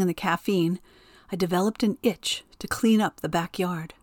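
A woman reads a storybook tale aloud, gentle and expressive in her telling. She takes her time and savors each line, recorded close and dry with no room sound. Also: medium pitch, no echo. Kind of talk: storybook narration.

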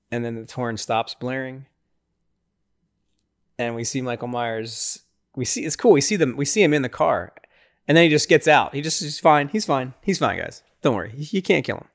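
A young man hosting a podcast, casually recapping a horror film with lots of fillers and briefly acting out the characters' lines. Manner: excitable, lots of fillers, acts out lines in high voices. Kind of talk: casual movie recap chat.

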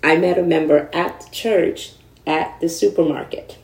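A woman's voice: sits low, normal speed, vocal fry, reverberant, distant mic, rough recording. A woman, a guest in a candid conversation, telling her story animatedly and acting out the people in it. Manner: animated, acts out quoted voices.

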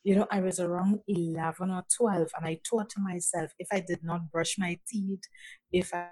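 A woman from Nigeria, a guest on an interview, telling her own story in a slow, halting way with many restarts. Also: lowish voice, fairly even intonation, a little mellow, husky, no echo, poor audio. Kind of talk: personal testimony.

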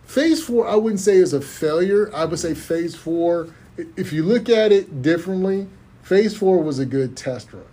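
Animated man in casual movie talk. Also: high voice, normal speed, breathy edge. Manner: animated, laughs often, repeats words. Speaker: podcast co-host.

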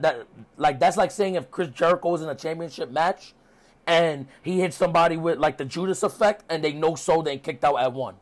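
A man talking through a recap in a loose, rambling, chatty way, as a podcast host. His voice sits a little on the high side for a man. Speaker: podcast host reviewing wrestling. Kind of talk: casual recap.

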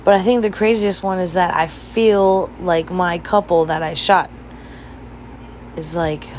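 A chatty young woman with a slightly low voice tells a personal story for her vlog, playfully acting out what she and others said. A faint hum of background noise sits under her voice. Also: fairly even intonation, unhurried, darkish tone, low-quality recording. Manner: chatty, laughs often, acts out quoted dialogue. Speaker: vlogger.

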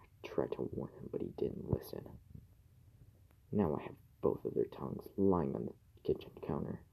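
A man reading a first-person horror story in a slow, hushed way that often drops to a whisper. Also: rumbling low, expressive, gravelly, breathy edge, rough recording. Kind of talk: scripted horror narration.

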